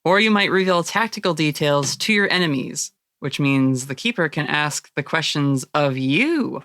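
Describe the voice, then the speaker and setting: A woman acting as game master, narrating a tabletop role-playing game in a lively way and laughing often. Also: low-pitched, moderate pace, hardly any pauses, dry recording, studio quality.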